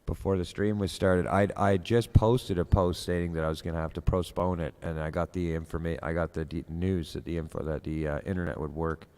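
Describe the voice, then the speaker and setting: A man's voice: sits low, flat delivery, brisk, hardly any pauses, darkish tone, clean tone. A man from Canada, a guest on a live stream, telling a story in casual chat with many fillers and restarts.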